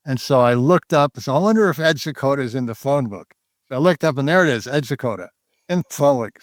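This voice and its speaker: A man's voice: medium pitch, no room sound. Here is an older man, a trader on an interview show, telling a story in a loose, rambling voice. He keeps stopping and restarting his sentences. The recording is dry and close, with almost no room sound. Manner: rambling, with many restarts and fillers. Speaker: guest trader. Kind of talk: casual storytelling.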